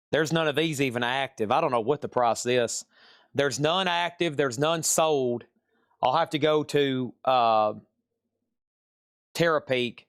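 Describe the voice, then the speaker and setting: A man's voice: medium pitch, clean tone, dry recording, clean studio sound. A man with a Southern US accent hosting a live sales stream, chatty and repeating prices and buyer names.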